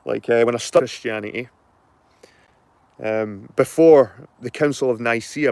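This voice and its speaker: With no echo, a middle-aged channel host speaks in a medium-pitched, slightly mellow voice with a Scottish accent. He chats casually and rambles to his viewers, repeating himself and swearing freely.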